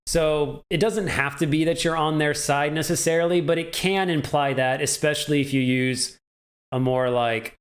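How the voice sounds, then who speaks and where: A man giving a casual video language lesson, chatty and joking, often checking in with "right?". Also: mid-range voice. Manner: chatty, laughs at own jokes, asks "right?" often. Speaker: language teacher.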